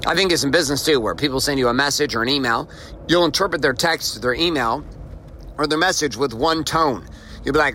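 Emphatic, bright-voiced male host. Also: fairly high pitch, expressive, brisk, a little hiss or hum, rough recording. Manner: emphatic, repeats key lines. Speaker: podcast host. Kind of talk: motivational monologue.

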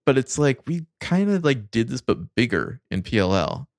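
Man, podcast co-host, casual chat, low gravelly voice, dry close sound. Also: big pitch swings, moderate pace, no echo. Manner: musing, hesitant, sardonic asides.

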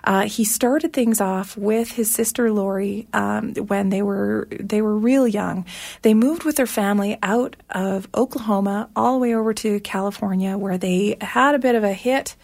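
Give me a slightly hoarse woman radio host rambling casually between songs. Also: mid-range voice, fairly even intonation, normal speed, darkish tone. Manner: chatty, rambling, lots of fillers. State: slightly hoarse, losing her voice.

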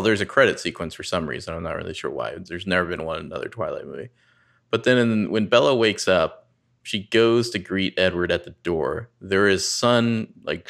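A man's voice: low-pitched, creaky, a bit bright. A man hosting a podcast, chatting casually and griping sarcastically. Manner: complaining, sarcastic. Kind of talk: casual chat.

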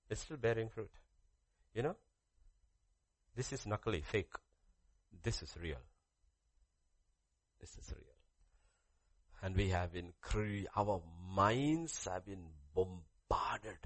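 A man's voice: lowish voice, breathy edge, dry recording. A man preaching a sermon, repeating key phrases and putting questions to the congregation. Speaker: pastor.

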